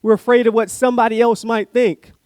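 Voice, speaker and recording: A man with a high voice preaches to a congregation and tells his stories with playful energy, speaking straight to the people in the pews. The sound is close and dry, with hardly any room in it. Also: a little fast, dry recording. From Florida. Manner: animated storyteller, playful, talks to the congregation. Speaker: guest speaker. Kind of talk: sermon with a told joke.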